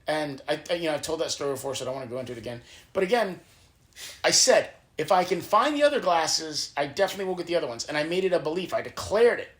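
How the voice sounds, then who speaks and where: A man hosting a podcast, telling personal stories in an animated, profane, casual way. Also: fairly high pitch, fast. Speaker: podcast host. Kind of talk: casual storytelling chat.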